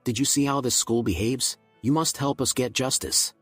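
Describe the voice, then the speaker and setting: A greedy, shouting mother storms through a recap story, a man reading her lines. Her voice is husky and dry, at a middle pitch, with faint music underneath. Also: steady tone, normal speed, no echo. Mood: indignant. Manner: angry shouting. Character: shrill greedy middle-aged mother demanding money.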